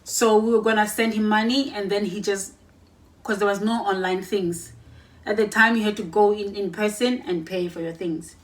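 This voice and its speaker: With a steady, mid-range voice and a moderate pace, a young Lesotho woman tells a lengthy, chatty storytime to a camera set up across the room. She's in a warm room of a cold house, playing out both parts of each exchange and often correcting herself as she goes.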